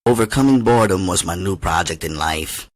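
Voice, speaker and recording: A man reading a novel aloud as an audiobook reader, with steady, measured storytelling. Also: sits low.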